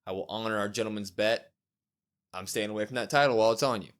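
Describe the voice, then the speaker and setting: A man with a lowish, clear, resonant voice talks quickly as co-host of a casual wrestling review podcast. He recaps the show animatedly, acting out the wrestlers' lines.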